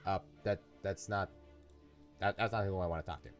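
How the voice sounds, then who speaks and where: A man's voice: low voice, steady tone, brisk, soft background music. A young man commenting on a video game, rambling and playful, often correcting himself. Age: young adult. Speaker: gaming YouTuber. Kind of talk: let's play commentary.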